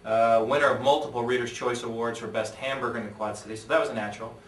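A man hosting a joking video segment, teasing his co-worker in a deadpan way. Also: medium pitch, quick pace. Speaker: host. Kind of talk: joking casual chat. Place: newspaper office room. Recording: roomy audio, mic at a distance, faint noise.

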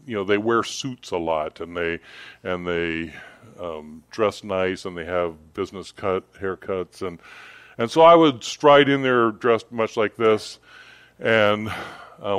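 A middle-aged pastor with a lowish voice delivers a sermon to his church. He talks loosely and conversationally, circling back and restarting his sentences. The sound is close and dry, with no room echo. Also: a bit bright, smooth. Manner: rambling, conversational storytelling with many restarts. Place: church service.

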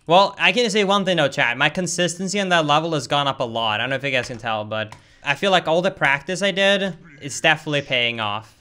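Excitable young man streaming a speedrun. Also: a little high, quick pace, smooth. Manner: excitable, exclaims often, says "dude" a lot. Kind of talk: live gameplay commentary.

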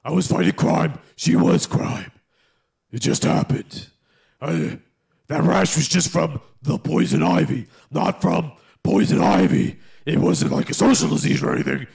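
A man voicing a jealous, hotheaded male caped crusader who leaves ranting, swearing voicemails in a very gravelly growl. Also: a little high, animated, a little slow, darkish tone, full character voice. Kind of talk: comedy voicemail sketch.

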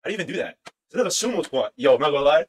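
A young man streaming, reacting to clips with excitable, slangy chatter and frequent laughter. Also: on the high side, very fast. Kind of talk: casual reaction stream chat.

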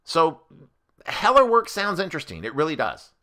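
A man's voice: fairly high pitch, normal speed. A man, a therapist, giving a conversational educational talk that compares treatment methods. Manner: animated, conversational explainer.

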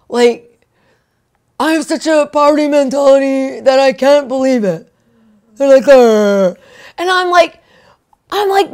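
Excitable woman preacher with a high-set voice, animated storytelling that swings into shouts. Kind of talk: storytelling sermon.

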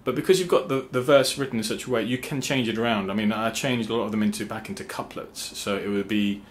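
A man with a fairly low voice talks casually to his viewers, halting often with fillers and restarts. He sometimes hums rhythm syllables to make a point, and faint background noise sits under his voice. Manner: sings rhythm syllables to explain meter. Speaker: songwriter and channel host. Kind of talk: casual talk to camera.

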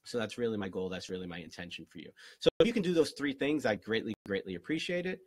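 A relationship coach, a man, fields viewers' questions during a live-stream Q&A, earnest and encouraging, repeating his key phrases as he gives motivational advice. His lowish voice is fast and sing-song with a breathy edge, recorded without echo.

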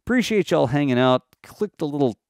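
A man's voice: on the high side, expressive, a little fast, a little mellow, no echo. A man hosting a show, narrating launch site footage in a casual, jokey, think-aloud voice-over.

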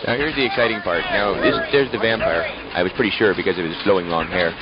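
A man with a Canadian accent giving deadpan comic narration with rambling asides. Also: sits low, fast, a loud crowd. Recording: dull lo-fi recording.

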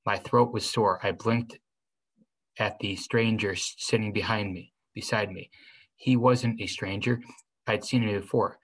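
Guy reading a novel out loud, lowish voice, trips over words sometimes. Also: fairly even intonation, a little slow, slightly rough, poor audio. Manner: unpolished reading with stumbles and restarts. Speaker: reader.

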